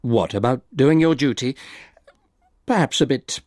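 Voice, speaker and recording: A man's voice: medium pitch, unhurried, a little mellow, dry recording, studio quality, close to an everyday voice. A man voicing a polite, deferential male aide in a story reading.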